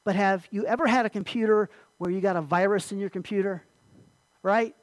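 A man preaching an earnest sermon as pastor, repeating key phrases and sometimes clearing his throat. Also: high-pitched, fairly even intonation, a little fast, no echo, low-quality recording.

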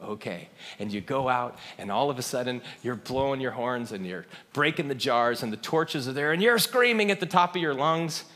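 A man's voice: mid-range voice, expressive, normal speed, hardly any pauses, fairly bright tone, long reverb tail. A man giving a sermon as a pastor, telling a story in a conversational way and asking the crowd questions.

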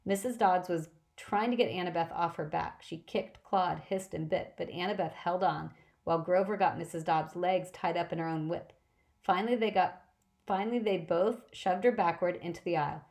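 A woman narrating a novel in a brisk, lively first-person audiobook reading. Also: on the low side.

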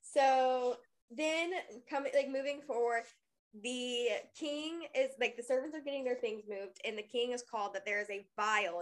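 Woman co-host, fairly high voice, chatty, loose casual recap. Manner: chatty, lots of "like" fillers. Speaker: podcast co-host. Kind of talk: casual book-club chat.

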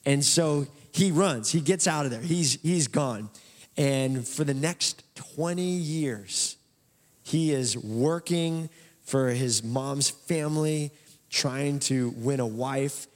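Man, preacher, casual animated storytelling, mid pitch, long hall reverb. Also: slow. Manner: animated, conversational retelling.

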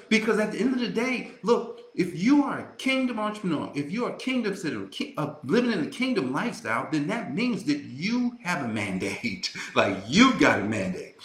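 A man's voice: a little high, a bit bright, roomy sound. A man hosting a faith-based motivational podcast, talking in a fervent preaching cadence full of restarts and repeated words. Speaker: podcast host.

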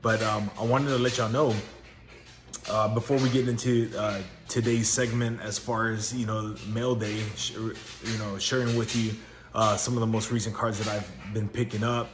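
A man's voice: fairly low pitch, little pitch movement, moderate pace. A man hosting his own podcast, chatting casually and rambling with many fillers and restarts, recorded at home. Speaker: podcast host. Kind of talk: casual solo podcast chat. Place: home laundry area, washers running. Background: dryer noise.

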